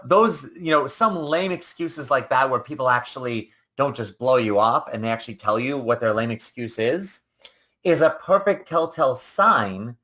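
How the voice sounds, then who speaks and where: A man with a medium-pitched voice that sounds pushed and bright hosts a solo coaching podcast. He's a business coach who talks casually and rambles, often acting out the people he quotes.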